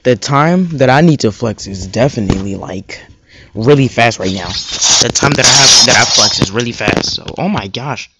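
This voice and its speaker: A young man giving casual, excitable gameplay commentary as a gaming video host, trash-talking other players in slang. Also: medium pitch, normal speed, slightly rough, dry recording, rough recording. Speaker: gaming YouTuber. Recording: loud game music behind. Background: loud game music.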